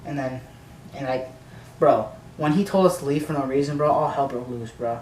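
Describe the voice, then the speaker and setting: A man's voice: mid-range voice, normal speed, a little mellow. A man telling a storytime rant for his vlog, rambling and swearing, full of filler words and restarts. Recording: echoey room, distant mic, faint noise.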